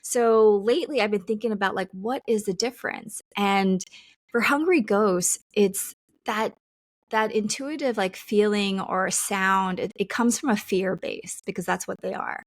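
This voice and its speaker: A woman's voice: mid-range voice, unhurried, no echo, studio quality. A woman co-hosting a podcast in a casual chat, talking loosely with many fillers and frequent laughs. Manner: chatty, laughs often, lots of "like" fillers. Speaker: podcast co-host.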